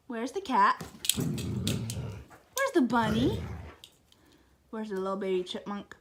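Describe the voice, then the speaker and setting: A woman's voice: a little high, big pitch swings, drawn-out words, long pauses, heavy background noise. A young woman filming at home, talking to her dog in sing-song baby talk full of praise and laughter. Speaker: vlogger. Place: home living room.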